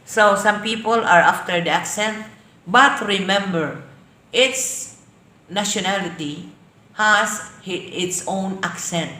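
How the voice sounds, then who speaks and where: A woman with a Filipino accent teaching an online English class, defining terms slowly and then explaining them. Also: mid-range voice, bright, forceful tone, reverberant. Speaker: lecturer.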